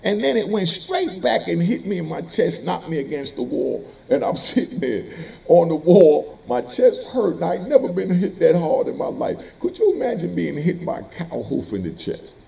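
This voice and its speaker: Animated streetwise man, gravelly voice. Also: a little high, moderate pace. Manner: animated, streetwise, laughs while telling. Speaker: former prisoner telling stories. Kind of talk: casual storytelling monologue.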